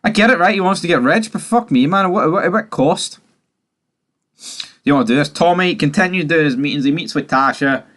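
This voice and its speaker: A man's voice: on the high side, a little fast, a bit bright. Sweary man recapping a show. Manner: sweary, opinionated, mocking. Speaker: TV series recapper. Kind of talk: casual TV recap.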